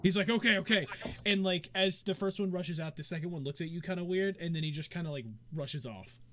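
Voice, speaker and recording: A high-voiced man narrating a tabletop game as game master. He talks loosely and casually, circling back and restarting his sentences. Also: fairly quick, noisy background. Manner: loose, full of fillers and restarts.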